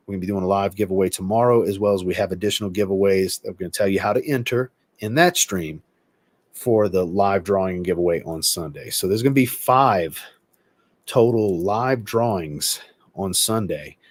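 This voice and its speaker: A man hosting a livestream and chatting casually, reading viewer comments aloud and answering them in a relaxed, rambling way. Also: sits low, moderate pace, no room sound. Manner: relaxed, rambling, with filler words. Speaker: host.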